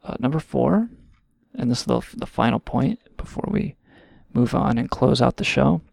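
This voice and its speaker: Man, show host, profane sarcastic rant, very gravelly voice, dry close sound. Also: medium pitch, expressive, moderate pace, a little mellow, dry recording. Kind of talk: casual comedic rant.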